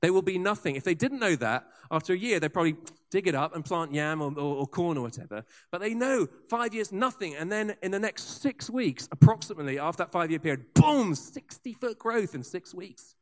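A man preaching a sermon, telling revival stories with lively asides and frequent restarts. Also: high voice, a little fast. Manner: animated storyteller with asides and restarts. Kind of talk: sermon storytelling.

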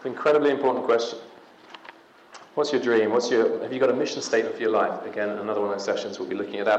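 A man's voice: fairly low pitch, fairly even intonation, quick pace, lo-fi sound. A man giving an evangelical conference talk, conversational and punchy, with emphatic rising passages. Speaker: conference speaker. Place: conference hall. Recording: echoey hall.

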